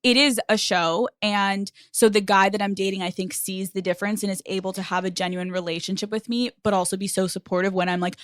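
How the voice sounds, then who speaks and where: A young woman telling a story as a podcast guest in a casual chat, animated and laughing often. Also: mid-range voice, a little fast, few pauses, dry recording, clean studio sound.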